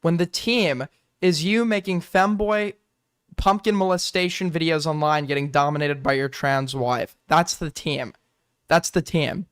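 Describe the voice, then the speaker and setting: A man's voice: fairly high pitch, fairly even intonation, unhurried, fairly bright tone, clean tone, no room sound. Incredulous, mocking male commentator, dry sound. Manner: incredulous, profane, mocking, frequent laughter. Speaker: commentary host. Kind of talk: reaction commentary.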